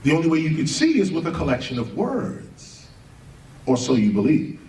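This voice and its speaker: A man's voice: a little high, moderate pace, recorded from a distance. A man giving an impassioned spoken lecture on a live stream, firing rhetorical questions, spelling words out letter by letter and often laughing as he talks. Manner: animated, often breaks into laughter mid-sentence. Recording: echoey room, voice set back from the mic.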